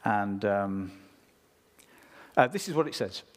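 A man's voice: on the low side, expressive, takes it slowly. A man preaching a sermon in a conversational way, talking straight to the congregation. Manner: conversational preaching, reads scripture, asks listeners.

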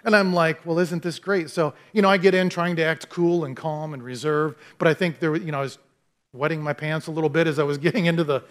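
A middle-aged man preaching a sermon as a pastor, telling animated, self-deprecating stories before a closing prayer. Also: fairly high pitch, a little fast.

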